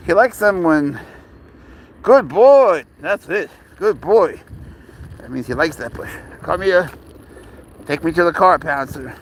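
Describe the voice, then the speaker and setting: Gravelly man chatting while walking his cat. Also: fairly high pitch, moderate pace, a bit bright, slight background noise. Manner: rambling, talks to his cat in coaxing baby talk. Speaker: pet owner live-streaming. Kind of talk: casual live-stream chat. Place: outdoors, walking near a parked car.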